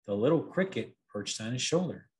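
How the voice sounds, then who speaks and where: A man gently reading a bedtime story aloud to children as a storyteller. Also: mid-range voice, lively intonation, moderate pace.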